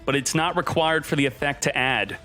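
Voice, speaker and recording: A man streaming a card game, giving excited, jokey commentary and talking to himself as he plays. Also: mid-range voice, fairly quick, soft background music. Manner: hyped, jokey, talks to himself while playing. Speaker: gaming streamer.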